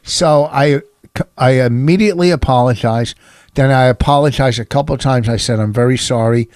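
A man's voice: medium pitch, normal speed, a little mellow, dry recording. A middle-aged man chatting casually as a podcast co-host, rambling through a story with many restarts and fillers. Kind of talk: casual chat.

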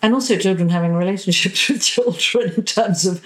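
A woman therapist talking as a podcast guest, animated, acting out little voices in her examples. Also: mid-range voice, a little fast, low-quality recording. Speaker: psychosexual and relationship therapist, guest. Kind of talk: conversational podcast interview.

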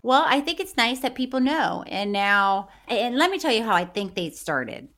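A woman's voice: a little high, big pitch swings, moderate pace, a bit bright. A woman co-hosting a podcast, chatting casually, laughing often and reading listener letters aloud. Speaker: podcast co-host. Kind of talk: casual chat.

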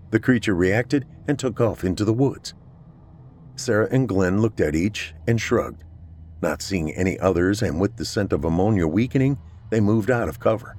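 A man narrates a horror serial in a scripted, measured way. His voice sits deep and low. The telling stays steady and controlled. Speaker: story narrator.

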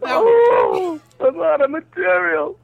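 A man putting on a shrill, squawking, self-pitying stand-up comic who needles the audience. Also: expressive, takes it slowly, creaky, phone-quality sound, full character voice. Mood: desperate cackling.

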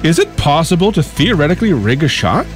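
A man's voice: a little high, sing-song, fast talker, music in the background. A man giving a sports segment on a radio show, matter-of-fact in delivery. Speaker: sports reporter.

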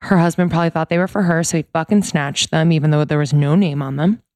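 A woman's voice: deep voice, fairly even intonation, fast talker, darkish tone, no echo. A woman co-hosting a podcast, telling a story in casual chat and swearing freely. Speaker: podcast co-host.

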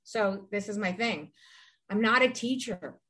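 A woman in her forties, a podcast guest chatting casually and telling rambling, animated stories with many restarts. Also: mid-range voice, a little slow. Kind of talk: casual chat.

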